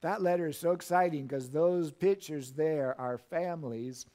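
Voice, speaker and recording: Folksy pastor, slightly higher male voice. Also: moderate pace, warm tone. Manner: folksy, chuckling asides between scripture readings. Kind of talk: sermon. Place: church.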